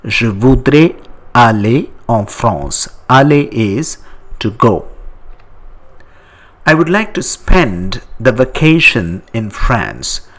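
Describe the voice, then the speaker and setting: A man giving a slow step-by-step language lesson, repeating each example word twice. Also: medium pitch, big pitch swings, a bit bright. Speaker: language teacher.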